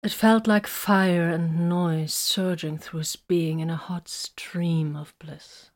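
A woman narrating a romantic story in a soft, intimate, often whispered reading. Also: fairly low pitch, fairly even intonation, slow pace.

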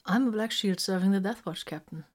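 A woman's voice: medium pitch, fairly quick, lightly acted. A woman reading as a breezy young soldier. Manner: good-humored, breezy. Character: cheerful unflappable young male warrior.

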